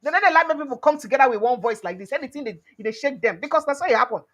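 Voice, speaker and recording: A woman's voice: high voice, fast talker. A young Nigerian woman with a Nigerian accent, commenting on news in pidgin and English and acting out quotes. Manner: animated, mixes pidgin and English, acts out quotes.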